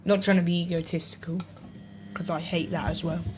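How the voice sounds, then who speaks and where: A woman's voice: fairly low pitch, level tone, brisk, noisy background. A woman vlogging casually at home beside a washing machine, rambling and correcting herself as she goes. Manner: rambling, self-correcting, chatty asides. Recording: dull lo-fi home recording.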